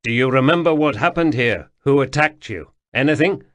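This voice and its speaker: A man's voice: medium pitch, expressive, normal speed, fairly bright tone, pitched above the performer's own voice, lightly acted. Brief: male reader voicing a brusque young seer questioning the dead. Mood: intense. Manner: urgent, commanding. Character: young male spirit-seer, intense, brusque then gentle.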